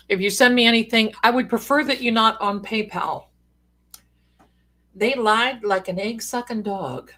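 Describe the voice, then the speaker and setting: A woman's voice: medium pitch, a bit bright. A woman hosting a live stream as a psychic, talking casually with folksy, sassy asides. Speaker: psychic livestream host.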